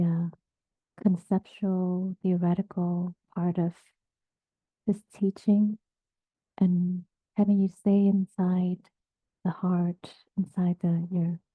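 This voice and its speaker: A woman meditation teacher giving a dharma talk in a gentle, halting way, often dropping to a near-whisper. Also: lowish voice, no echo. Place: meditation group session, also on video call. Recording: tinny phone-like sound.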